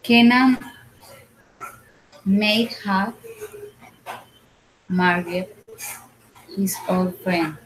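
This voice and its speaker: A woman reading and answering in an English class, hesitant and halting, with fillers. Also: mid-range voice, slight background noise, rough recording. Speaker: English student.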